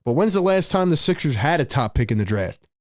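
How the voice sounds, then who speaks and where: A man hosting a live fan stream, calling the game play by play and reacting excitedly while talking to viewers in the chat. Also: on the high side, a little fast, no room sound, studio quality. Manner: excitable, shouts big plays, chats with viewers. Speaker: livestream host.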